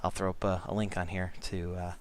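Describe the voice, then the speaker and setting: A man's voice: sits low, little pitch movement, brisk. Rambling man chatting over his drawing. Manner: rambling, many fillers and restarts. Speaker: comic artist vlogger. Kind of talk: casual chat over drawing.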